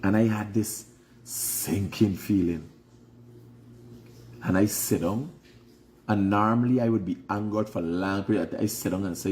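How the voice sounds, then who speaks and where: A man's voice: on the low side, measured pace, long pauses, darkish tone, a little hiss or hum. A Guyanese man hosting a vlog, talking frankly and preachily, giving life advice and repeating phrases for emphasis. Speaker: host. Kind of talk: casual advice monologue.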